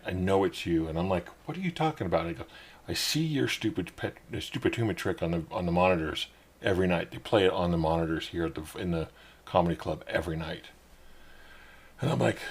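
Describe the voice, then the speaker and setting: A middle-aged podcast host with a low-sitting, slightly rough voice tells a rambling personal story on his own show. He's casual, but gets animated whenever he quotes other people.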